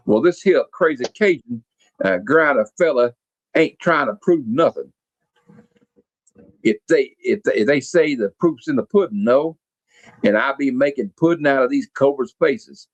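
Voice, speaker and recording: A man's voice: mid-range voice, animated, moderate pace, no room sound, lo-fi sound, lightly acted. A man doing a brash Cajun Marine. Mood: boastful. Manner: put-on Cajun drawl, boastful.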